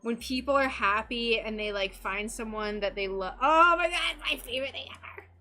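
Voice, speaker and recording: A woman's voice: fairly high pitch, normal speed, pushed and bright. A young woman chatting casually with her live-stream viewers while she works, bubbly and gushing. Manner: bubbly and gushing, talks to chat. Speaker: stained glass streamer.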